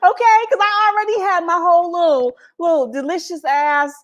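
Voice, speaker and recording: Brash animated woman vlogger. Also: extremely high pitch, a little fast. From United States. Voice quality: brash, profane, animated with frequent laughter. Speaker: vlogger hosting a live stream. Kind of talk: candid unscripted rant to viewers. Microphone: laptop built-in mic.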